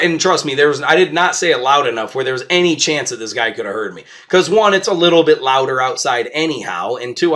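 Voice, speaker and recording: Young guy rambling through a story, kinda high voice, really bright. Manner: rambling, animated, laughs at his own story. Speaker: podcast host. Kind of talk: casual storytelling.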